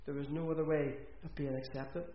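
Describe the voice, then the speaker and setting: A man's voice: on the high side, level tone, a little fast. A man preaching an earnest sermon in a church, repeating phrases for emphasis. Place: church hall. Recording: echoey, dull church recording.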